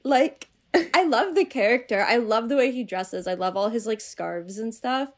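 A woman chatting casually about movies with friends, animated and full of "like" fillers. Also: a little high, moderate pace.

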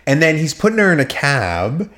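A man co-hosting a podcast, chatting casually and retelling scenes with quick acted-out lines. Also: on the high side, very animated, fairly bright tone. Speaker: podcast co-host. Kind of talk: casual chat.

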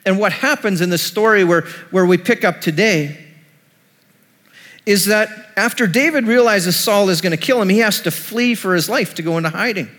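A man's voice: high voice, normal speed, a bit bright, in a large hall. A male pastor preaching a sermon, retelling a scripture story in a storytelling way.

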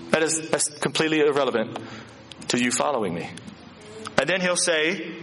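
A man preaching a sermon to a congregation, emphatic and animated, with rhetorical questions and repeated phrases. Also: fairly high pitch, moderate pace, a little hiss or hum. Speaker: pastor.

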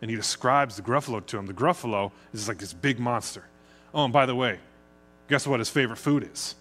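A man's voice: mid-range voice, fairly quick. A middle-aged man from the United States, preaching a conversational sermon as pastor. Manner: conversational, chatty, speeds up when excited.

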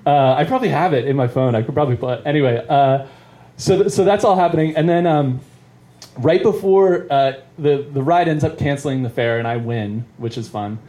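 A man's voice: mid-range voice, fairly quick, mellow. A man doing stand-up, telling a long story in a rambling, self-interrupting way and chuckling at it as he goes. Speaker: comedian. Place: live venue.

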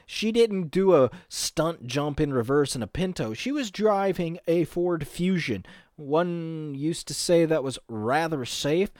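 A man's voice: on the high side, no echo, studio quality. A man talking casually and crudely, rambling and laughing often.

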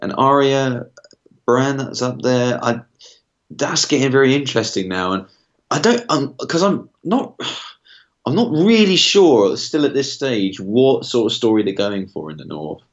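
A man's voice: medium pitch, animated, unhurried. A man co-hosting a podcast, talking things through in a loose, thoughtful, conversational way. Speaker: podcast co-host. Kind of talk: casual discussion. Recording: slightly dull lo-fi sound.

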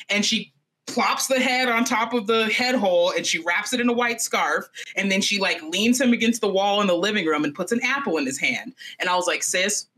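Young woman podcaster, chatty and crude, bright voice, medium pitch. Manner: animated, profane, chatty. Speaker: podcast host. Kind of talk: comedic storytelling.

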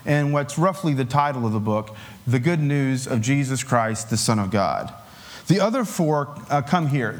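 A man preaching a sermon in a relaxed, conversational way, with filler words and light chuckles. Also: on the high side.

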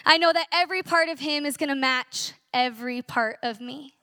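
A woman's voice: high-pitched, moderate pace, sharp tone, dry recording, clean studio sound. A young woman in her twenties sharing an earnest, emotional personal testimony at a church conference, telling her story with animation.

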